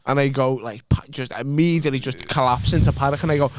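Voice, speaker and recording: A man's voice: medium pitch, fast talker, noisy background. A young adult man telling a story in casual podcast chat, laughing at himself as he goes. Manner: laughing, self-mocking storyteller. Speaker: podcast co-host.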